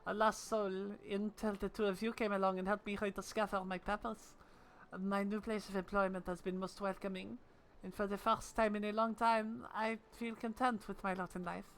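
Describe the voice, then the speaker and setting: A woman voicing a polite, earnest young goldsmith woman in a put-on British accent, with a formal and gentle delivery. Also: medium pitch, level tone, moderate pace, a little hiss or hum, close to an everyday voice, rough recording. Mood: content.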